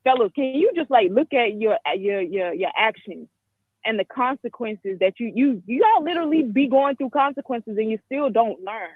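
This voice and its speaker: A woman in her twenties from the Caribbean, calling in to a talk show and giving blunt, frank opinions with many halting restarts over a phone line. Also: a little high, expressive, slightly rough, dry recording. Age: 20s. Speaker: caller. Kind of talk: call-in commentary. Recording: tinny dry phone line.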